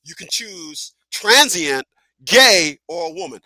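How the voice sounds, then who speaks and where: A man hosting a live talk radio show who talks in an animated, profane way, laughs often and repeats himself. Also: high voice, takes it slowly, no echo.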